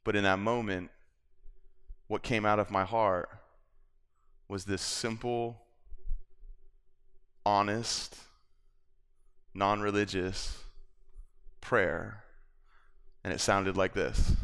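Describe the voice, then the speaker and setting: Low-voiced preacher in an echoing church. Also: male voice, fairly even intonation, takes it slowly, pauses often. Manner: storytelling, swings from hushed to fervent. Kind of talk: testimony sermon. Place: church sanctuary. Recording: long hall reverb in a church.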